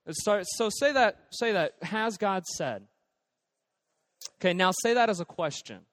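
Pastor, male, high voice, dry close sound, long hall tail, chatty sermon full of ums. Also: expressive, unhurried, fairly bright tone. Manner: conversational, with many fillers and restarts.

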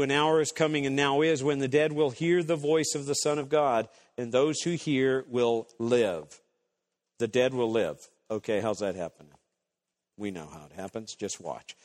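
A male pastor preaching a sermon, emphatic, swinging between loud rising lines and hushed drops as he quotes scripture and imagined voices. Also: medium pitch. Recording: long hall reverb.

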